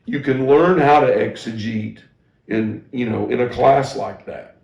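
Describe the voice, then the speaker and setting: A man's voice: mid-range voice, unhurried, gravelly, darkish tone. A middle-aged man, a pastor, telling a candid and self-deprecating story from his own training as part of a teaching talk for ministry staff, often restarting his sentences. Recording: echoey room.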